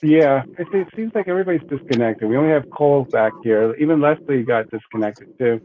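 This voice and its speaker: A man's voice: mid-range voice, brisk. An older man hosting a live psychic show, chatty and repeating himself as he greets a caller over a video call. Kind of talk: casual live-stream chat. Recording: tinny phone-like call audio with faint noise.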